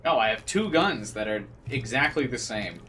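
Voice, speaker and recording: A man's voice: mid-range voice, expressive, moderate pace, pushed and bright, far from the mic, slight background noise. A man streaming a game, chatting and joking in a rambling way. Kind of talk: gaming commentary.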